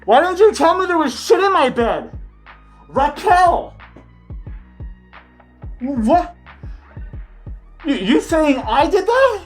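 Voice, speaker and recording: Woman impersonating a high, scornful celebrity type, defensive and shrill. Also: big pitch swings, measured pace, faint music behind. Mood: indignant. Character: haughty, combative celebrity woman. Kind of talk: comedy sketch impression.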